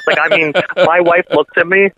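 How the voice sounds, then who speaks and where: Male radio guest, excitable storyteller, a touch high, phone-line sound. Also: moderate pace, no room sound. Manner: excitable, laughing, acts out quotes. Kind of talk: casual interview storytelling. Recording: dry tinny phone line.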